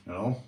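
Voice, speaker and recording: A man's voice: sits low, background noise. A Northern Irish man in casual vlog chat, rambling and swearing, often saying "you know". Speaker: vlogger, police auditor. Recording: roomy, from a distance.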